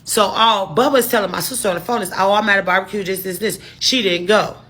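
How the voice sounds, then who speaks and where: A woman spins a rambling, profane storytime for her viewers, doubling back to correct herself. Her voice is husky yet bright and edgy. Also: medium pitch, steady tone, quick pace. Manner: profane, rambling, restarts and asides. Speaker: storytime vlogger. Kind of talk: casual storytime monologue.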